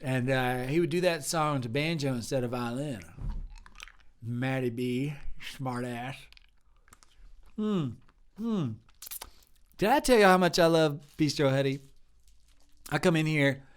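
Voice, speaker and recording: A man's voice: mid-range voice, expressive, a little slow, pauses often, smooth, close to an everyday voice. A man playing a sleazy, banjo-loving sugar daddy with a southern drawl who calls everyone hun, in a live improv comedy show. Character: sleazy middle-aged male sugar daddy regular, banjo lover.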